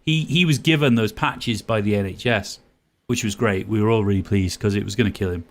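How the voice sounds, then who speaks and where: A man from the UK hosting a casual livestream, reading the side chat aloud in a relaxed way. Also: lowish voice, brisk.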